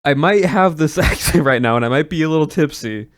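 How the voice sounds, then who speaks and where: A man's voice: a little high, expressive, brisk, lightly acted. A man putting on a tipsy Irish joker. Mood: tipsy teasing. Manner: slurring playful threats, laughing through it. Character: tipsy young Irish man making a joking threat.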